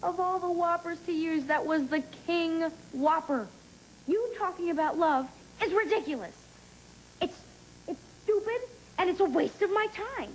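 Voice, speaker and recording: A woman's voice: extremely high pitch, moderate pace, a little hiss or hum, poor audio. An actress playing a bitter, sarcastic young woman who mocks and confronts her father in a daytime soap. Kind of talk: 1990s daytime soap acting.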